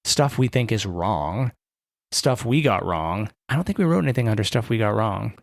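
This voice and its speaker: A man's voice: on the low side, animated, moderate pace, creaky, no room sound, clean studio sound. A man co-hosting a podcast in casual chat, rambling and correcting himself with a wry humor. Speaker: podcast co-host.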